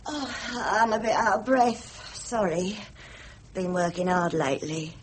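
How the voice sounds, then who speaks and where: An actress playing a brisk, worldly prostitute with a blunt, mocking, businesslike manner, in 1950s radio drama style. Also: female voice, mid-range voice, steady tone, a little hiss or hum, close to an everyday voice, rough recording. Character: brisk worldly London prostitute, middle-aged woman.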